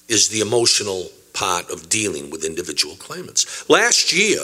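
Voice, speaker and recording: An older man who administers compensation funds, speaking to an audience with dramatic pauses and repeated emphasis. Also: medium pitch, sharp tone, breathy edge. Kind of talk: speech to an audience.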